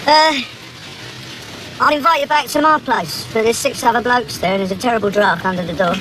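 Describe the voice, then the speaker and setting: A man's voice: very high voice, fairly quick, music in the background. An actor playing a cocky young male building worker who brags about women, in jokey banter. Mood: boastful. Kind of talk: TV comedy-drama acting.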